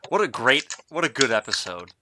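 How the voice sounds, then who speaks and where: Guy cohosting a podcast, swears a lot, gets worked up, mid pitch. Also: a little fast, noisy background. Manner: excitable, profane, exclamatory. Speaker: podcast co-host. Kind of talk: casual comedic chat.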